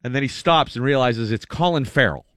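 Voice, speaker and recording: A man co-hosting a radio show, telling stories with lively energy and reading news items. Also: a little fast, no room sound, studio quality. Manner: animated storyteller, jumps high into character voices.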